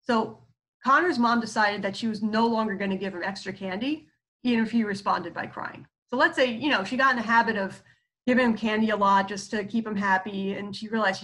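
A woman's voice: medium pitch, a little fast, a bit bright. Woman, psychologist, casual lecture, chatty, filler words, mid-range voice. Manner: chatty, many fillers and asides, acts out quoted speech. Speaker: psychologist teaching therapy skills.

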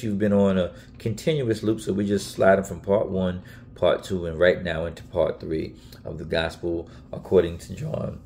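A man's voice: sits low, creaky, warm tone, a little hiss or hum. A man preaching in a casual Bible teaching video, earnest and emphatic, often repeating himself and restarting phrases.

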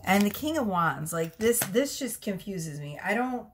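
Giving a tarot reading at home, a young woman speaks at a measured pace in a medium-pitched voice with big swings in pitch. She's chatty and giggly, interrupts herself often, and the background is noisy.

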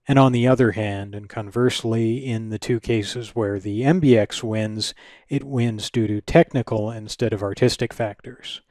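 A man's voice: on the low side, steady tone, moderate pace, darkish tone, no room sound. A man hosting a retro computing channel, narrating a scripted review in a dry, wry, analytical way.

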